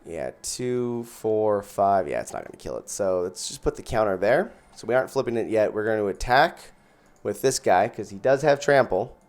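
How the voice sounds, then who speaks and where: A man's voice: on the low side, lively intonation, moderate pace, a little mellow. A man giving casual gameplay commentary as host, thinking aloud and counting out his mana as he plays. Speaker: gaming channel host.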